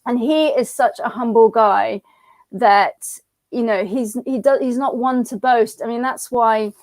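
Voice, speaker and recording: A woman's voice: on the high side, fairly even intonation, unhurried, a little mellow, no room sound. A woman with a British accent, chatting as a guest in a casual interview and telling stories with frequent restarts. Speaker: interview guest, comic book creator.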